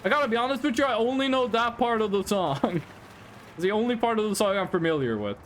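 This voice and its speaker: A man's voice: high voice, lively intonation, brisk, slight background noise. A young man from Norway, a native Norwegian speaker, chatting casually and rambling to his live-stream viewers while he plays. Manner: rambling, chatty, talks straight to chat.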